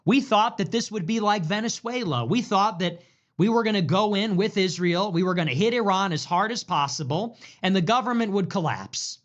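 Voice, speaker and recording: A man in a rambling, profane political rant, sarcastic and trailing off into low asides, from a replayed video. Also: animated, moderate pace, a bit bright, highs cut off. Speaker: political commentator. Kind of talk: rambling ranting commentary.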